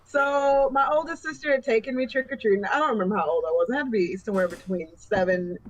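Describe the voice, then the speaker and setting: A woman's voice: on the high side, quick pace, no room sound, low-quality recording. A woman, chatting casually as a podcast co-host and telling blunt, profane stories. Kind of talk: casual chat.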